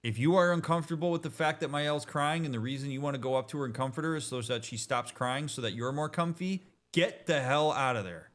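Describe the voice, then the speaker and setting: A man at a middle pitch talks through a paused game as a therapist. He is direct and emphatic, with frequent quick asides and self-corrections, in a casual explanatory style. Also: fairly bright tone.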